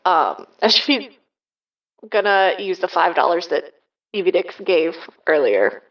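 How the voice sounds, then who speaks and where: A woman's voice: lowish voice, very animated, a little slow, far from the mic, muffled recording. A woman playing a tabletop role-playing game, talking in a casual, dryly playful way. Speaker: player.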